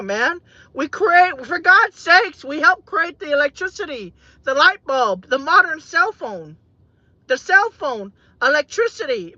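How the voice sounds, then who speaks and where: A woman vlogging in a car, talking in an emotional, halting, rambling way, repeating herself and saying "man" a lot. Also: high-pitched, bright, forceful tone, dry recording. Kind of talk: emotional off-the-cuff monologue. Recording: dull, dry lo-fi audio.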